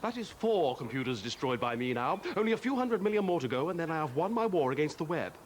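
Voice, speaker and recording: A man's voice: on the high side, sing-song, fast, slight background noise. A man playing a pompous, self-important adult male hobby obsessive in a sketch comedy monologue.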